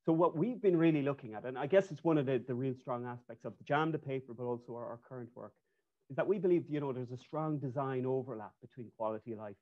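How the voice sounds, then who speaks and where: A man's voice: medium pitch, fast talker. Man, architect presenting, conversational, restarts, muffled call audio. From Ireland. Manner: loose, conversational, many restarts and fillers. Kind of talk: conference presentation over video call. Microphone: video call.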